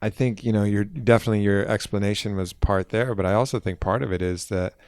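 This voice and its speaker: A man hosting a podcast, chatting casually and steering his guest with relaxed, joking questions. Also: fairly low pitch, fast talker, dry recording, clean studio sound. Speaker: podcast host. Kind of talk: casual interview chat.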